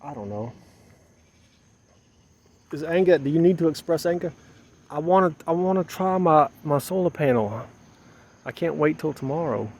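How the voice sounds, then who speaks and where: A man's voice: fairly high pitch, animated, normal speed, pauses often, darkish tone, slight background noise. A man talking to the camera as a mother, rambling to himself and repeating his phrases, outdoors at dusk while he sets up solar gear. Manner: repeats phrases, muttering and then rising into agitated outbursts. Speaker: vlogger in a mother persona. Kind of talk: rambling self-talk monologue.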